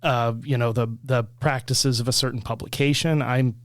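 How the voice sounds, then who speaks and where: A man from Florida co-hosts a podcast chat and lays out his points in a measured, explaining way. His voice is smooth and resonant. The recording is dry and close. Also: mid-range voice, steady tone, dry recording. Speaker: podcast co-host.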